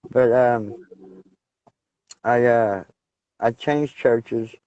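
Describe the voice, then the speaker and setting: A man telling his personal testimony in a casual, halting way, full of fillers and restarts. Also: medium pitch, darkish tone, no room sound, muffled recording. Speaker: guest sharing testimony.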